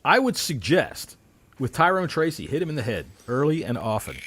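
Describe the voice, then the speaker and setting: Animated, joking man hosting a sports podcast. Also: a little high, moderate pace, slight background noise. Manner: animated, jokey, reads mock ad copy. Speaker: podcast host. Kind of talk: casual sports chat.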